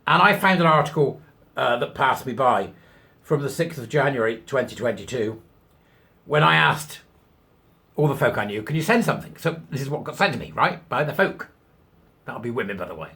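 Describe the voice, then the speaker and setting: A man's voice: medium pitch, expressive, moderate pace, creaky, sharp tone. A middle-aged man hosting his own show, talking in a chatty, sarcastic way and laughing at his own jokes. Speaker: host. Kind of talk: casual commentary.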